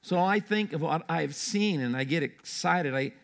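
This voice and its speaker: A man's voice: a little high, moderate pace, creaky. An older man preaching a sermon in a church, telling stories in a rambling way with restarts.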